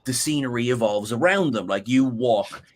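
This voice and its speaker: A man's voice: mid-range voice, normal speed. A man with an Irish accent, a guest co-host in a casual podcast chat who rambles with many restarts and asides.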